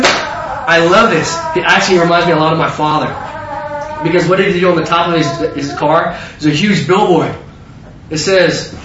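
A man preaching a sermon full of stories, animated and stumbling over repeated words. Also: on the high side, normal speed, slight background noise. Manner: animated, self-interrupting with repeated words and laughs. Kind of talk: sermon with storytelling. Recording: distant roomy mic, slightly dull.

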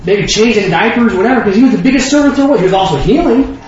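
A man preaching a sermon in an animated, emphatic, folksy way. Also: high-pitched, fast. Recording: echoey room, distant mic, dull lo-fi, faint hiss.

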